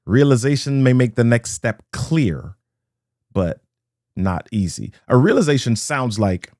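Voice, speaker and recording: A man's voice: mid-range voice, lively intonation, unhurried, darkish tone, no room sound, clean studio sound. A man giving a live motivational talk to online viewers. He speaks in rhythmic phrases, repeats key lines and greets viewers by name.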